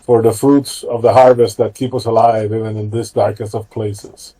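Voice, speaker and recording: A man voicing a rough, gruff warrior offering a halting prayer in a tabletop game. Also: lowish voice, level tone, dark tone, voice pushed down, close to an everyday voice, rough recording. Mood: reverent.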